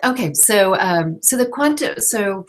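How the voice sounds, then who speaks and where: A woman's voice: mid-range voice, lively intonation, a little slow, noisy background. Chatty woman teaching a class. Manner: gentle, chatty, breaks off to soothe a baby. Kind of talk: casual live online class instruction. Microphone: call microphone.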